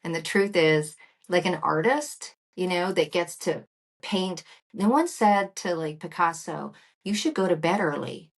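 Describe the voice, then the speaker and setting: A woman's voice: fairly low pitch, unhurried. A woman in her fifties, a guest entrepreneur in an interview, telling stories animatedly and acting out quoted lines. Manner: animated storytelling, acts out quoted dialogue. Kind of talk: interview conversation.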